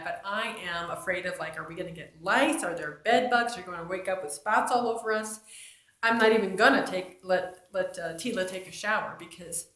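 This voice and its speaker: A woman from New Jersey telling a personal faith testimony in a chatty, conversational way. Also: mid-range voice. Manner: conversational, chatty with fillers and restarts. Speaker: storyteller on her own channel. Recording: roomy echo.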